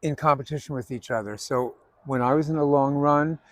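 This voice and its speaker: A man's voice: mid-range voice, brisk, no echo, poor audio. A man hosting a casual chat, telling stories from his stage career. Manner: anecdotal storyteller. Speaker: host.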